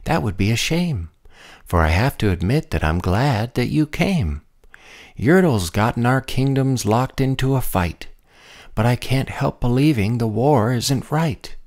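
Man doing a kind young princess, soft, earnest, slow, sing-song. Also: mid-range voice, lively intonation.

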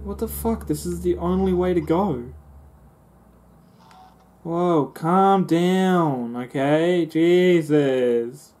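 A man's voice: on the high side, extremely slow, darkish tone, slight background noise. A young man commentating a video game, swearing and grumbling with sarcastic frustration. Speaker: gaming YouTuber. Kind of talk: let's play commentary.

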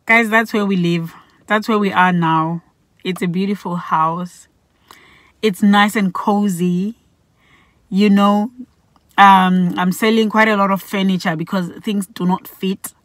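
A middle-aged woman from Botswana telling a personal story in a vlog, animated and acting out the people she quotes. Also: medium pitch, measured pace, dry recording. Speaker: vlogger.

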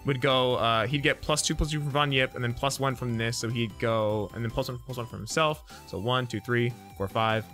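A man streaming a card game, chatting casually, laughing often and counting out loud as he plays. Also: mid-range voice, fairly even intonation, fairly quick, hardly any pauses, soft background music. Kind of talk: casual gameplay chat.

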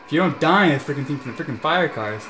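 A young man doing let's play commentary, ranting in frustration at a racing game and mixing shouts with laughter. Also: a little high, animated, quick pace. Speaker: gameplay commentator. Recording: echoey room with game music.

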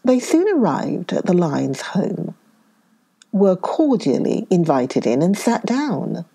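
Slow, expressive woman reading a children's story. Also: on the low side, slightly rough.

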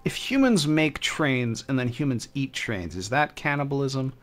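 A man's voice: medium pitch, animated, normal speed. Man trading dry quips over a game. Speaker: podcast co-host. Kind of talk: casual let's-play commentary.

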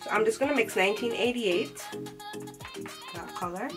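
A young woman talks through her makeup routine in a sassy, slangy, chatty way. Her voice sits at a middling pitch. Clear music plays behind her. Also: moderate pace. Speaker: beauty vlogger. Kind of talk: casual makeup tutorial chat.

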